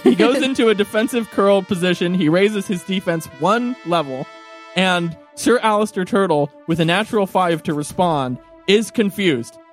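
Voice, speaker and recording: A man narrating a tabletop game as game master, animated and playful, often laughing. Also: high-pitched, moderate pace, faint music behind.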